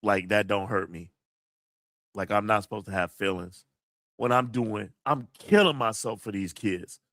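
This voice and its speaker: A man's voice: on the low side, measured pace, fairly bright tone, dry recording. A man hosting a livestream, reading chat comments and venting emphatically, with plenty of profanity. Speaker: college teacher and livestream host.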